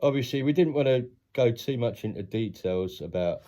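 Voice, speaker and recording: A man's voice: medium pitch, animated, moderate pace, dark tone. A man hosting a casual interview, asking questions and affirming his guest. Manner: engaged, affirming, asks questions about music history.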